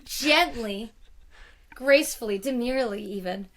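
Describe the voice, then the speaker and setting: Player, female, high and bright, chatty rambling storyteller. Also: a little slow. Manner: chatty, self-amused, rambling asides. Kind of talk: in-character storytelling in a tabletop game.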